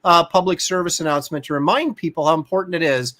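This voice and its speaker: A man's voice: fairly high pitch, fast, pushed and bright. A man hosting a live stream, joking around and reading out viewers' comments. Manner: jokey, reads out chat comments. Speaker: host. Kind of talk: casual live-stream chat.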